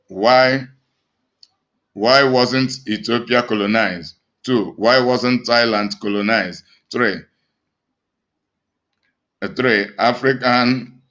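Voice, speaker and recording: A man's voice: fairly low pitch, fairly bright tone, dull audio. A man with a Nigerian accent, an evangelist preaching emphatically to his online audience, with many restarts and fillers. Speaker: evangelist and channel host.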